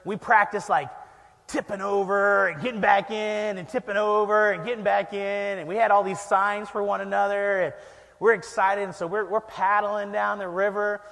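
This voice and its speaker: High-voiced pastor telling a funny story. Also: male voice, moderate pace, vocal fry, big-room sound. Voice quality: animated, self-deprecating, laughs often. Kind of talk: storytelling sermon. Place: church.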